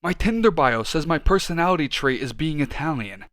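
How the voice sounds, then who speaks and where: Podcast guy ranting and cursing, gets loud, dry close sound. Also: fairly high pitch, lively intonation, a little fast, no echo. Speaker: podcast co-host. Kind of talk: casual chat.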